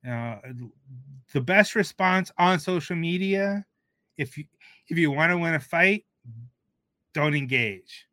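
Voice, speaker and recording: Slow, measured Texan man, dry sound. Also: on the high side, animated, sharp tone, no echo. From Texas. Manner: measured, halting, with restarts. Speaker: guest food writer. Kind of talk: radio panel discussion.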